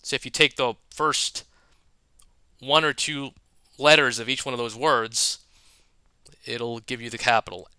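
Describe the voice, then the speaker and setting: A man giving scripted explanatory narration, measured and dotted with wordplay asides. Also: mid-range voice, fairly even intonation, sharp tone, clear, resonant tone, no room sound. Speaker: educator.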